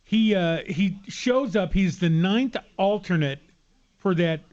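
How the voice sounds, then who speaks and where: High-voiced animated male co-host. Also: slow pace, dull audio. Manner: animated storyteller, laughs often. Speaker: radio co-host. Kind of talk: studio banter.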